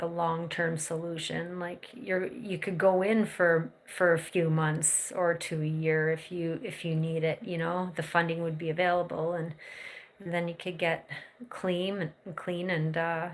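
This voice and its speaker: Out in the snowy cold with her pet goose, a woman livestreams from her phone, chatting casually. Her lowish voice is level and a little slow as she rambles loosely, saying "like" and "you know" a lot.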